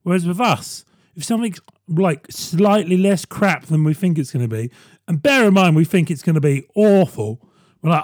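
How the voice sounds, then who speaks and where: A man's voice: fairly high pitch, lively intonation, darkish tone, dry recording, clean studio sound. Sardonic man doing a comedy monologue. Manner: sardonic, quick asides to the listener. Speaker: podcast host. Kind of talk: stand-up style comedy monologue.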